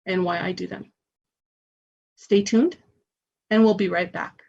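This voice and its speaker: Husky-voiced woman hosting a radio show. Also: on the low side, fairly even intonation, unhurried, darkish tone, lo-fi sound. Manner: earnest and encouraging. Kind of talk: spiritual self-help talk.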